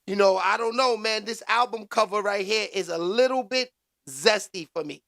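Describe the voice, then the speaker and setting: A show host from New York chats loosely and slangily, rambling through casual livestream commentary over a loud music bed. His high, gravelly voice moves at a moderate pace, recorded at studio quality with no echo.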